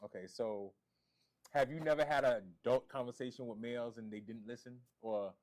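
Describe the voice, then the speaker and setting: A man's voice: medium pitch, fairly even intonation, fairly quick, darkish tone. A man on a casual podcast panel who keeps probing the others with questions. His voice is mid-range, and he tends to stammer through repeated words. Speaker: podcast co-host.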